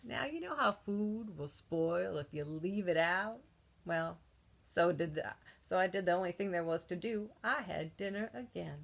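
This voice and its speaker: A woman voices a male wolf telling his own version of a children's story, sly, cheeky, and conspiratorial, with gasps and sneezes along the way. Her voice is on the low side, creaky, and expressive, at a moderate pace.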